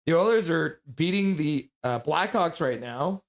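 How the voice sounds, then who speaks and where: A man's voice: a little high, expressive, measured pace. A man hosting a hockey live stream, chatting casually and reading viewer comments aloud with frequent laughs. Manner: chatty, reads chat messages aloud and laughs often.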